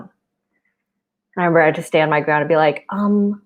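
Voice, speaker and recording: A woman in her twenties doing a stand-up set for a virtual show, with a deadpan, self-mocking delivery. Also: deep voice, fast, pauses often. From United States. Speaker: stand-up comic. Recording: muffled lo-fi video call audio.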